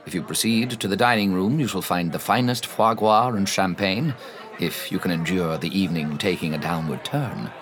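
A man's voice: low voice, normal speed, close to an everyday voice. A man in an audio drama playing a vain, witty Victorian playwright who speaks in a languid, grand way, with party chatter behind him. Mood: gracious. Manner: languid, grandiloquent, self-admiring. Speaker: actor.

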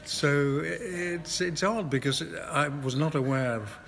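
An older Scottish actor chats casually in an interview, telling stories punctuated by self-deprecating chuckles. His voice sits on the high side, slightly bright with vocal fry, at a measured pace. Noisy ambient sound fills the background.

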